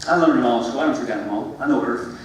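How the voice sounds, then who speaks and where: A man preaching to middle schoolers, animated and repetitive, swinging between loud exclamations and hushed, earnest passages. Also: medium pitch, very fast. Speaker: youth pastor. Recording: echoey room from far off, faint ambient noise.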